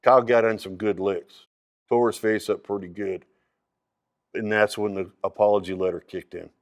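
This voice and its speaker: A man speaking in an interview, blunt and emphatic with deep frustration. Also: steady tone, moderate pace. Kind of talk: emotional interview.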